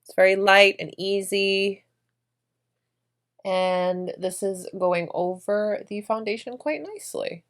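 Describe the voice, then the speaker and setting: A woman's voice: mid-range voice, takes it slowly, fairly bright tone. A woman vlogger narrating her makeup routine in a chatty, effusive way, gushing over products. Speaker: beauty vlogger.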